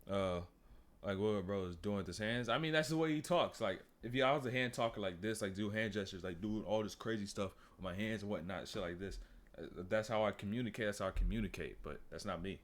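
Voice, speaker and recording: A fairly low-pitched man with talks loosely over a clip on his stream. His delivery is relaxed and rambling, and he often stops to talk to his chat. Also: a little fast. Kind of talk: casual stream commentary.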